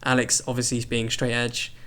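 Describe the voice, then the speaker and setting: Young man telling lively stories. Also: medium pitch, moderate pace. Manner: animated storyteller who laughs mid-story. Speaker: podcast co-host, band member. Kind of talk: casual chat.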